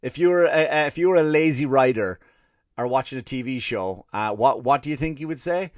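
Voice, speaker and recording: A man's voice: medium pitch, a little fast, dry recording, studio quality. An Irish man hosting a comedy podcast, ranting sarcastically and swearing often. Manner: profane, exasperated, sarcastic. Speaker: podcast host. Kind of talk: comedic rant.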